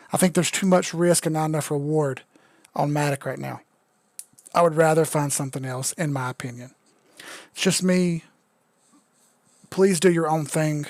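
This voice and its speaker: On a casual live stream, a crypto chart analyst admits he's drunk and keeps things loose, joking and profane. His voice is a little high and a little mellow. There's no room sound at all.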